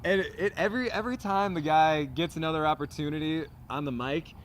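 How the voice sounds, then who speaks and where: A man's voice: on the high side, fairly quick. A man co-hosting a sports podcast in casual chat, loose and joking, swearing freely. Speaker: podcast co-host.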